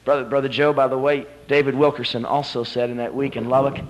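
A man's voice: medium pitch, flat delivery, fast, dull audio. A man preaching a sermon, telling a Bible story dramatically and rising to emphatic peaks.

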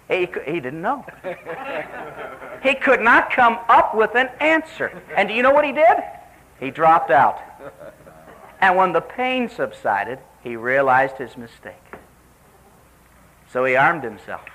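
High-voiced man preaching with animated storytelling. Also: poor audio. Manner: animated storytelling with quoted dialogue. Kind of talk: sermon.

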